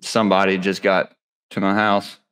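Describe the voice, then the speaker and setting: A man's voice: low voice, level tone, normal speed, fairly bright tone, clean tone. A man from Mississippi, chatting as a podcast guest in a slangy style, full of "dude" and "bro". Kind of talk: casual podcast chat.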